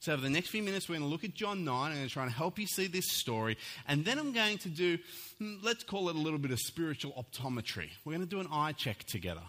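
Man, pastor, sermon storytelling, bright voice, very lively pitch. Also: quick pace. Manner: animated storytelling, acts out voices.

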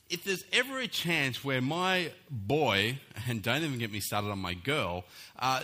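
Animated preacher man. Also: mid-range voice. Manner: animated storytelling, acts out voices. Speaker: pastor. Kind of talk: sermon with personal story.

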